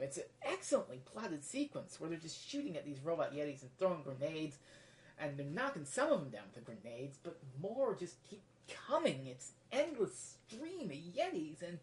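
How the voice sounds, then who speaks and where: Woman doing a solo review, super deep voice, rambly, wanders off on tangents. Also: a little mellow. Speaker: video reviewer. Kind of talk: casual solo review monologue.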